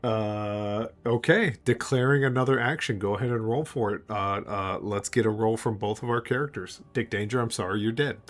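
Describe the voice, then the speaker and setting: Guy gm narrating a tabletop game, lowish voice, lots of uhs and little laughs. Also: moderate pace, few pauses. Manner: loose, filler-heavy narration with frequent chuckles. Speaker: game master.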